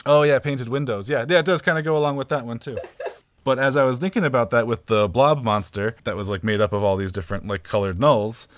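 A man's voice: medium pitch, quick pace. Rambling, chatty man podcaster. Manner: rambling, loose, heavy use of "like" and "you know"; laughs often. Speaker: podcast co-host. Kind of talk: casual chat.

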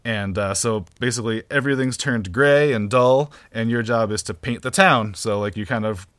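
A man's voice: fairly low pitch, moderate pace, a bit bright, no room sound, clean studio sound. A man co-hosting a podcast in casual chat. He rambles loosely, leans on "like" and "you know", and laughs often. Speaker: podcast co-host.

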